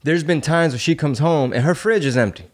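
A man's voice: on the high side, brisk. A man hosting a podcast in casual chat, ranting with heated rhetorical questions and loose street slang. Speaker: podcast host.

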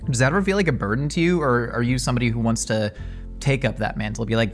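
A man hosting a casual interview, playful and jokey with quick bursts of excitement. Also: medium pitch, faint music behind. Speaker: host.

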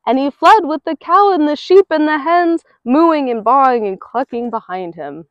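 High-voiced woman reading a picture book aloud. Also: normal speed, no room sound. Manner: rhythmic, expressive reading. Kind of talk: read-aloud storytelling. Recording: dull lo-fi recording.

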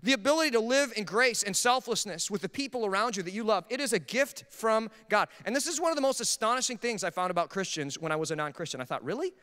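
A man's voice: sits high, lively intonation, fast talker, few pauses, sharp tone, in a large hall. A man preaching a sermon as pastor, telling humorous, self-deprecating stories about married life. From Minnesota. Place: church sanctuary.

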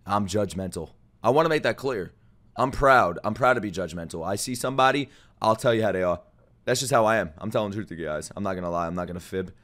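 A man reacting to a video as a streamer, talking loudly and excitedly, swearing often and breaking into sudden outbursts. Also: lowish voice, fast. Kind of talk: anime reaction commentary.

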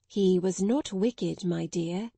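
A woman plays a kind storybook mother who comforts a child. Her voice is mellow and dark, and she speaks slowly and soothingly in a dry, close sound. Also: on the low side, creaky, husky, dry recording, exaggerated voice. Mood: tender. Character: gentle, motherly grown woman.

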